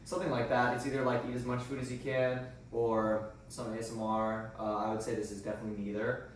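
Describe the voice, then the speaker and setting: A man's voice: mid-range voice, fast, far from the mic. A young man chats loosely over food, full of likes and ums, as he shares a taste test with a friend. His voice sits away from the mic in a very echoey room, with faint room hum behind him. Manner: relaxed, rambling, many likes and ums. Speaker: co-host. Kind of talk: casual chat while taste-testing food.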